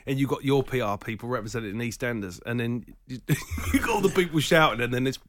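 A man's voice: mid-range voice, fast talker, fairly bright tone, a little hiss or hum. A man chatting on a studio mic as a guest comedian, rambling and self-mocking as he tells stories. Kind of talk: casual chat.

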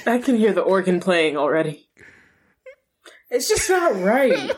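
A woman's voice: medium pitch, very animated, measured pace. Woman co-host with dry, wry asides. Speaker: podcast co-host. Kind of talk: casual reality-TV recap chat.

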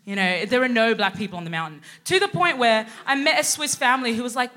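A woman from Sudan who grew up in Australia, co-hosting a live show and telling a stand-up comedy set in an animated way, swearing and acting out quotes. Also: fairly high pitch, fast talker, hardly any pauses, background noise. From Sudan, raised in Australia. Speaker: co-host.

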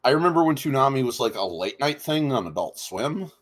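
A man's voice: mid-range voice, big pitch swings, fast talker. A man co-hosting a podcast in loose, rambling casual chat, often repeating words as he restarts. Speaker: podcast co-host.

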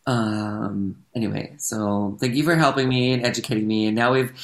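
An American man, an actor and comedian, chatting casually on a podcast in a rambling, self-correcting, animated way. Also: on the low side, moderate pace. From United States. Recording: roomy echo.

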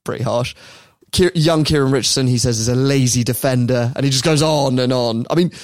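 A man tells a sports story in a relaxed, chatty way, laughing often and slipping into voices for quotes. His voice sits mid-range and the sound is dry and close. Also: medium pitch, fairly quick, no room sound. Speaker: podcast host. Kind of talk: casual storytelling chat.

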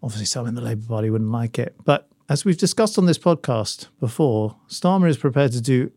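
A man's voice: mid-range voice, animated, brisk, a little mellow, dry recording, clean studio sound. Wry man musing on politics. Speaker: podcast co-host. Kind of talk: casual chat.

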